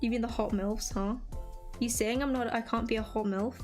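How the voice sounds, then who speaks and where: Chirpy high-voiced young woman streamer. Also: steady tone, normal speed. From England. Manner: rambling, filler-heavy, chirpy. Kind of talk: casual chat with viewers. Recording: faint music behind.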